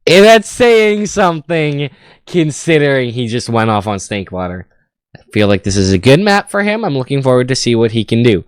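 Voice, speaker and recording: A man casting a live esports match, slightly hoarse, excitable and tripping over his words on a headset mic. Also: medium pitch, brisk, dry recording. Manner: excitable, stammering restarts. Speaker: esports caster.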